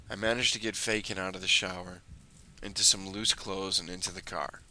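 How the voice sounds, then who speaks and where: A man's voice: low-pitched, steady tone, fairly quick, sharp tone. Wry young man telling a story. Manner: dry, wry narration in clipped checklist phrases. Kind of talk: first-person storytelling.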